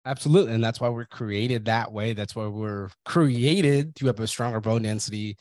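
A man's voice: lowish voice, normal speed, darkish tone, no echo. A man hosting a podcast, talking in a blunt, profane, motivational way. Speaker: podcast host. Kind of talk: casual podcast chat.

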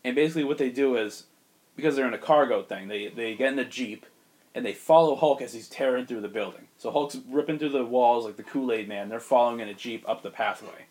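A man casually pitching a story to a friend, loose and animated. He fills gaps with ums and likes and rolls on from one beat to the next. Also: brisk. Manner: loose, animated retelling with laughs and fillers. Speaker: host pitching a movie story.

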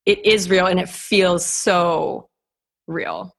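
A woman's voice: lowish voice, steady tone, slow pace, creaky. A young woman co-hosting a podcast in casual chat, laughing often and filling her talk with "like", heard over a video call. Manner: chatty, laughs often, lots of "like" fillers. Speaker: podcast co-host.

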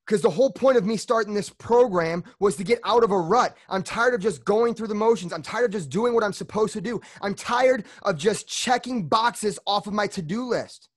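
A man's voice: high-pitched, moderate pace, hardly any pauses, no room sound, studio quality. A man hosting his own podcast, talking bluntly in a fired-up motivational monologue and swearing freely, a little out of breath after a workout. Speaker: podcast host.

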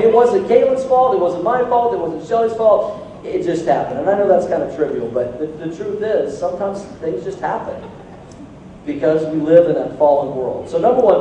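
A man in his forties delivers a sermon, telling stories with lively, self-mocking humor. His voice sits high and mellow. The recording catches him from afar in a very reverberant church hall, with a faint hiss underneath. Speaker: pastor. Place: church sanctuary. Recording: very echoey hall from a distance.

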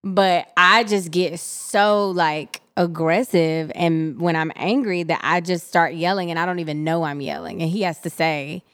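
A young woman co-hosting a casual podcast chat, open and animated as she tells her own stories. Her voice sits a little low and comes out smooth and clean. The sound is close and dry. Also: unhurried, few pauses, dry recording. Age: young adult. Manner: candid, animated, laughs often. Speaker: podcast co-host.

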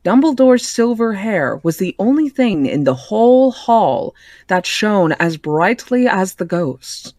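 A podcast host reading a novel aloud in a plain, measured way, with occasional stumbles. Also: mid-range voice, sing-song, darkish tone, no room sound, studio quality.

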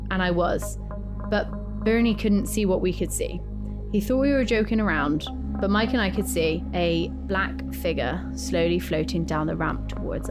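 A woman co-hosting a podcast, chatting casually and reading out a listener's ghost story in a steady voice. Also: on the low side. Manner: steady reader, relaxed banter. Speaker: podcast co-host.

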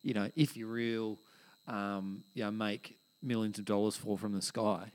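A man's voice: fairly low pitch, steady tone, a little slow, a little mellow. An Australian man co-hosting a casual chat, easygoing and reassuring. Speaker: podcast co-host.

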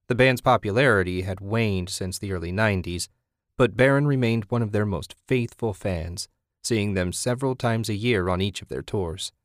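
A male narrator with a lowish voice reads a story in steady, measured scripted narration. The recording is dry and close, with no room sound. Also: no echo. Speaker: audiobook narrator.

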